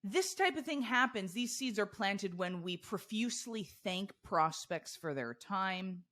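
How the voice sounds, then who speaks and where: A woman's voice: mid-range voice, animated, a little slow, a bit bright. A woman co-hosting a sales podcast in casual chat, thoughtful and explaining things step by step. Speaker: podcast co-host.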